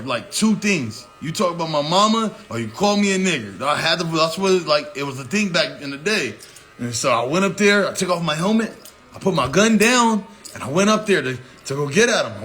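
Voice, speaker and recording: A man's voice: on the high side, a bit bright. A man in his thirties telling a personal story in a loose, profane, conversational way. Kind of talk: casual spoken storytelling.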